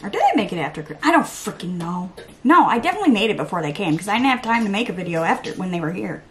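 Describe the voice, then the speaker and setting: A young woman chatting through her makeup routine in a get-ready-with-me vlog at home, rambling, excitable and laughing at herself. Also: medium pitch, very fast, a little hiss or hum. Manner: rambling and self-mocking, laughs often; excitable, hyper. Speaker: beauty vlogger.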